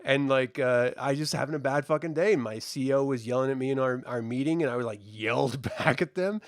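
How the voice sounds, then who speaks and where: A middle-aged man in casual podcast chat, telling stories in a profane, animated way with frequent laughs. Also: medium pitch, a little fast, dry recording, studio quality. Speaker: co-host reviewing a baking show.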